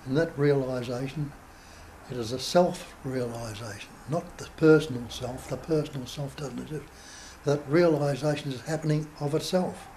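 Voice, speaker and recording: Mellow-voiced man teaching calmly. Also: medium pitch, slight background noise, rough recording. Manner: measured, explanatory, rhetorical questions. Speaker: spiritual teacher. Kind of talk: talk to a small group.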